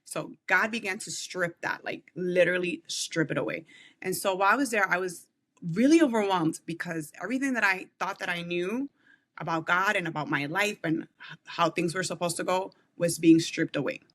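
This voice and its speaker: A woman's voice: on the low side, normal speed, fairly bright tone. A woman who is a podcast guest, telling an emotional personal testimony in an earnest, heartfelt way with frequent "like" fillers.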